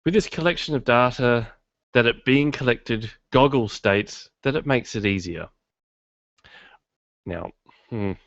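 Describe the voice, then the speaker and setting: A man's voice: mid-range voice, unhurried, long pauses, fairly bright tone, no echo. A man hosting a podcast from his garage, chatting casually in a rambling, self-deprecating way. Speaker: podcast host. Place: home studio in his garage. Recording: dull lo-fi dry sound.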